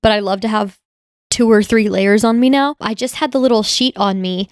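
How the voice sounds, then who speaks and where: A woman's voice: mid-range voice, normal speed, clear, resonant tone, dry recording, studio quality. A woman co-hosting a paranormal podcast, chatting casually and rambling through her own spooky anecdotes. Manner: chatty, rambling, animated retelling. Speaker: podcast co-host. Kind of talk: casual chat.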